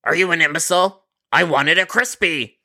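A man voicing a rude, impatient male pizza customer who shouts and insults. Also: on the high side, normal speed, pitched above the performer's own voice, full character voice. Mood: angry.

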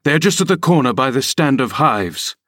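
A man's voice: mid-range voice, very animated, a little fast, fairly bright tone, no room sound, voice pushed up. Brief: man voicing a stern landowner, put-on heartiness, close to the reader's own voice. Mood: hearty. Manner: forced heartiness.

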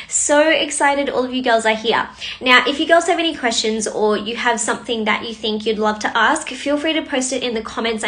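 Bubbly high-voiced woman coach. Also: fairly bright tone. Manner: bubbly and chatty, greets viewers by name. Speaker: host of a live manifestation coaching stream. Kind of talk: casual live-stream talk to viewers.

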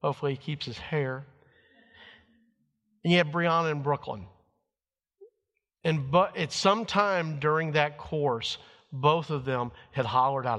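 A man's voice: fairly high pitch, moderate pace, pauses often, a bit bright. Folksy man preaching in a reverberant hall. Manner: folksy storytelling, acts out quotes. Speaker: pastor. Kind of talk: sermon with personal stories.

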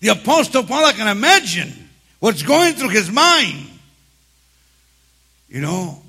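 Older guy preaching, gravelly husky voice, bright, streetwise, gets loud and fired up. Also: very animated, slow. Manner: builds from low storytelling to shouted exhortation; streetwise, repeats words at restarts. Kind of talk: sermon with personal stories.

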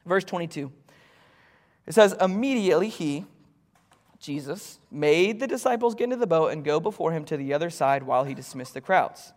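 Man, pastor, sermon, high voice, animated asides, reverberant church hall. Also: moderate pace. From Florida, US. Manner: animated, jokey asides to congregation. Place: church stage, large hall.

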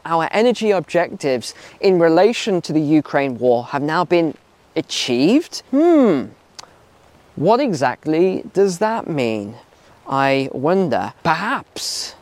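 Man, slightly high voice, emphatic, repeats himself, outdoor walk, dry close sound. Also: no room sound. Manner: emphatic, repeats phrases for stress. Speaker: video commentator. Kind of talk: casual opinion vlog while walking.

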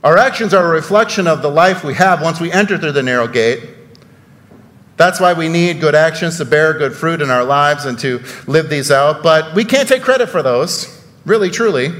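A man's voice: fairly high pitch, expressive, moderate pace, a bit bright. Man, pastor, casual sermon, rhetorical questions, sarcastic asides, long church reverb.

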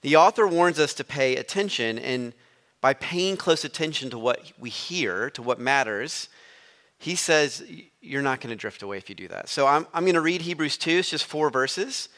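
A man gives a sermon as a visiting preacher. His voice is bright and forceful. He speaks conversationally and leans on storytelling. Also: mid-range voice, expressive, normal speed. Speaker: guest preacher.

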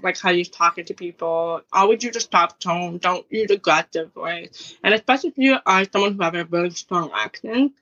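A woman talking as an interview guest, earnest and animated as she offers advice. Her voice is bright and forceful. The audio is somewhat dull and lo-fi. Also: mid-range voice. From Jamaican Caribbean family background. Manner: earnest, advising, animated retelling with laughs. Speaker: guest, author and podcaster. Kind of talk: conversational interview answers.

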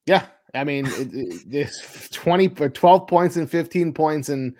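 A man's voice: a little high, a little slow, a little mellow, no room sound. A man co-hosting a sports podcast, giving his views in casual chat and often repeating words while he thinks. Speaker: podcast co-host.

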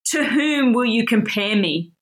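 A woman's voice: a little high, expressive, a little slow. A woman giving an earnest, enthusiastic devotional Bible teaching, often calling her listeners "guys.".

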